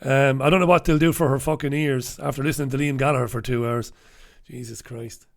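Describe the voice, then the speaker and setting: A man's voice: mid-range voice, fairly even intonation, a little fast. A middle-aged man, hosting a casual, humorous newspaper review, full of irreverent swearing and chuckling asides.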